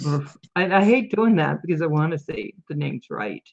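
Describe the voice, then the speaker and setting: A woman's voice: low voice, animated, moderate pace, creaky, a little hiss or hum. Chatty older woman on muffled call audio. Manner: chatty, giggly. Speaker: host. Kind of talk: casual chat on a video call.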